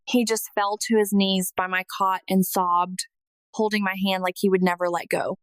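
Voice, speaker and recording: A woman in her thirties narrates a personal spiritual testimony in an earnest, heartfelt tone. Her voice sits at an ordinary middle pitch and is recorded close and dry, with no room sound. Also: level tone, moderate pace, smooth, no room sound, low-quality recording. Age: 30s.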